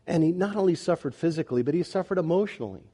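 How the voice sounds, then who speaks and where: A male pastor preaching a sermon, swinging between loud, emphatic declarations and quiet, pleading passages. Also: on the high side, lively intonation, very fast, husky.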